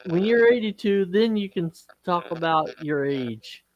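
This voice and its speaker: A man voicing an elderly woman in her eighties, a fond retired school principal who exclaims in a high voice. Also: expressive, unhurried, lo-fi sound. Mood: teasing. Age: 80s.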